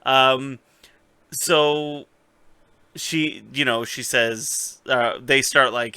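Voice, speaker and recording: A man co-hosting a podcast recap with a very bright, forward tone. The sound is close and dry. He tells the story with animated energy, swearing and slipping into the characters' lines, and his tone stays casual throughout. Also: mid-range voice, very slow, smooth, dry recording. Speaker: podcast co-host.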